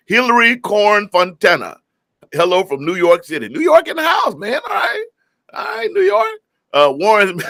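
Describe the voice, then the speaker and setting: A man's voice: fairly high pitch, sharp tone, dry recording. A man from California hosting a live music stream, greeting viewers by name in a joking, folksy way. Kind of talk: casual live-stream chat reading viewer comments.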